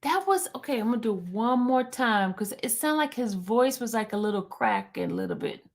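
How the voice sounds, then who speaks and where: A woman's voice: on the high side, normal speed. Chatty woman reacting to court clips. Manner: chatty, animated, reacting aloud. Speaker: commentator on court trials. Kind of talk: casual reaction commentary.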